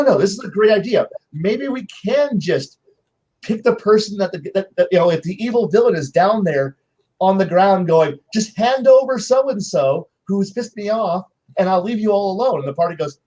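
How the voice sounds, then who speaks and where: A man whose voice sits high chats casually on a panel at a moderate pace, sharing game stories. He keeps restarting and brings his anecdotes to life by acting out what his players said.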